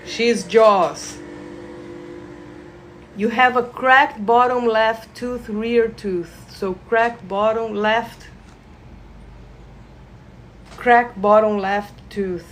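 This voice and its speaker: Slow, soothing woman guiding a healing session. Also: a little high, a little hiss or hum. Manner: slow, soothing guiding voice with bursts of excited laughter. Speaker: reiki practitioner. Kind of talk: live guided energy-healing session. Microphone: phone livestream.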